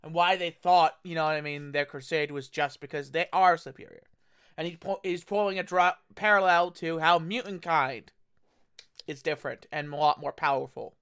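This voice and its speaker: Man, higher voice, tabletop player rambling in character over voice chat. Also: steady tone, normal speed, fairly bright tone, clear, resonant tone. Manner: rambling, with frequent restarts.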